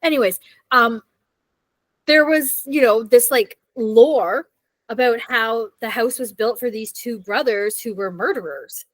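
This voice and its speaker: Young woman co-host, slightly high voice, dry recording, rambling chatty talk with easy laughs. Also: measured pace, dry recording. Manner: chatty, laughs easily, trails off with fillers. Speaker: podcast co-host. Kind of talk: casual chat.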